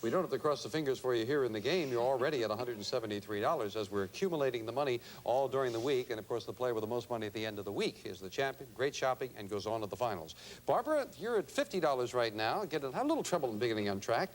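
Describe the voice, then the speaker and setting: A man's voice: medium pitch, expressive, racing, a little hiss or hum. A man hosting a TV game show, chatting with contestants in upbeat studio banter. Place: TV studio with audience.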